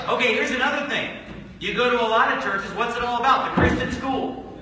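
A man preaches a fiery sermon as a pastor in an extremely high voice, speaking briskly with fairly even intonation and firing off repetitive rhetorical questions laced with sarcastic asides. The low-quality recording has a distant mic and a very echoey, big-room sound, with crowd noise and a congregation calling out amens.

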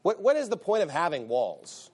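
A pastor delivering a sermon in a somewhat high male voice. He hammers his points with emphatic repetition and reads old-style scripture aloud between them. His pitch climbs as he presses a point. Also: huge pitch swings, moderate pace, darkish tone, slightly rough. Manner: emphatic, repeats phrases for stress; reads scripture aloud in King James wording.

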